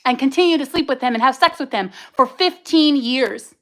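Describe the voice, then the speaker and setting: Angry woman giving raw testimony, high voice. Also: moderate pace, a bit bright, poor audio. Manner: angry, raw, cursing, speaks in bursts. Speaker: livestream host. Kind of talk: emotional personal testimony.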